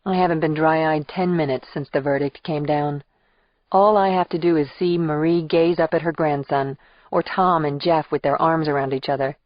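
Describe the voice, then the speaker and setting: A woman narrating a thriller audiobook in the first person, with a measured, expressive reading. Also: sits low, no echo, highs cut off.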